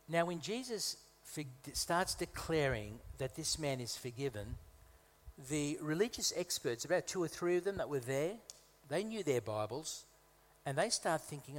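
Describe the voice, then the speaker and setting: A man's voice: fairly high pitch, sing-song, normal speed. A man from Malta, a guest preacher, delivering a conversational sermon with humorous asides and emphatic repetition. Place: church hall. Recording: reverberant hall.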